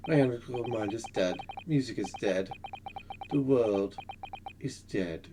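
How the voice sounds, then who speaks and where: A woman's voice: extremely low pitch, lively intonation, gravelly, noisy background, voice pushed down, full character voice. Woman doing a gloomy brooding male detective. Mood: despairing. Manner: slow, sighing, melodramatic delivery.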